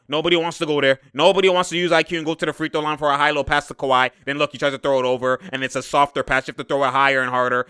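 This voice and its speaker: A man doing casual, slangy basketball film breakdown, laughing often and shouting at the players on screen. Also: fairly high pitch, clean tone, dry recording, clean studio sound. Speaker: sports commentator breaking down game film. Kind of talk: casual game breakdown commentary.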